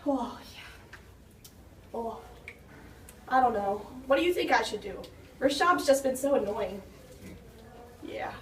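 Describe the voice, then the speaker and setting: Teen girl as overdramatic expectant mother, school skit, high voice, far-off mic with noise. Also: animated, slow, pauses often. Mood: chatty. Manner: melodramatic, shrieking in labor. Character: pregnant woman, dramatic and complaining. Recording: roomy far-off camera audio with noise.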